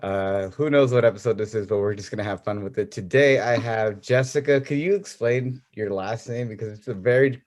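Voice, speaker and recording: A man's voice: lowish voice, a little fast, hardly any pauses, darkish tone. A man hosting a casual podcast interview, asking loose, stumbling, enthusiastic questions. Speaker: podcast host.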